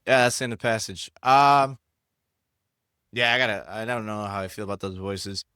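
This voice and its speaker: A young man co-hosting a casual podcast, hyper and rambling with a jokey streak. His voice sits on the low side. The sound is close and dry. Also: flat delivery, moderate pace, sharp tone, clear, resonant tone, no room sound. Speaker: podcast co-host. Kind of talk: casual podcast chat and scripture reading.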